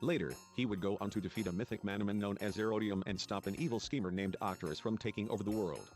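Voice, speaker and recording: Low-voiced man reading game text. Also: fast talker, darkish tone, faint music behind. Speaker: let's play narrator reading game text. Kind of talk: reading game dialogue aloud.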